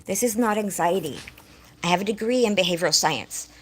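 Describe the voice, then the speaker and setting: Her medium-pitched voice is expressive and fairly quick, with slight noise in the background. A young vlogger, upset and almost crying, rambles through a painful personal story for her viewers, pausing to tell off her dog.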